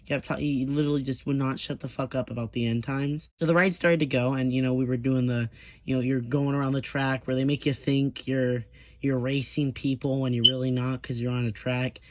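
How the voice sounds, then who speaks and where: Brisk and at medium pitch with little pitch movement, a young man rambles through a profane storytime monologue, stammering and restarting often. He briefly acts out the people he quotes in short bursts.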